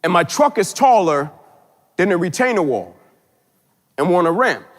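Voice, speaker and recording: A man, a motivational keynote speaker, tells a dramatic story, swinging from loud emphatic peaks to hushed low tones. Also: sing-song, normal speed, in a large hall.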